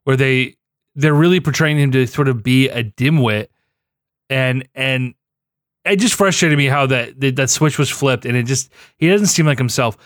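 A man's voice: medium pitch, moderate pace, dry recording, clean studio sound. A young man in casual chat as a podcast co-host, ranting with frustration and stumbling restarts.

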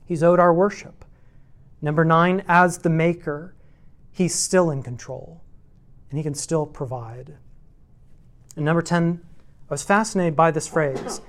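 A man's voice: fairly high pitch, steady tone, a little slow, pauses often. A man teaching a church class on meditating on scripture, working through numbered points and repeating rhetorical questions. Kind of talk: teaching sermon.

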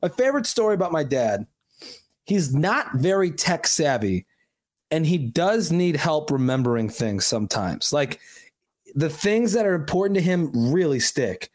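A man's voice: on the high side, very animated, normal speed, darkish tone. A man co-hosting a podcast in casual chat, rambling and earnest with lots of restarts. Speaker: podcast co-host.

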